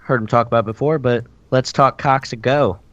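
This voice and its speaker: A man's voice: mid-range voice, steady tone, a little fast, a bit bright, no room sound, muffled recording. A male podcast co-host in casual, rambling banter who swears freely.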